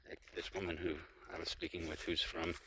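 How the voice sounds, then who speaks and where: A man's voice: low voice, level tone, fairly quick. A young man rambling casually as he hikes down a mountain trail, talking to the camera with many fillers and restarts. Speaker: travel vlogger. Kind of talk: casual vlog narration while hiking. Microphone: handheld camera. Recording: noisy outdoor camera audio.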